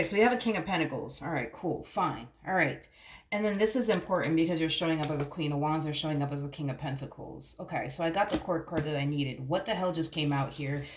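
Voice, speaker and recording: A woman's voice: deep voice, roomy sound, noisy background. A woman giving a casual tarot reading to camera, blunt and swearing freely, calling the viewer honey. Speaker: tarot reader.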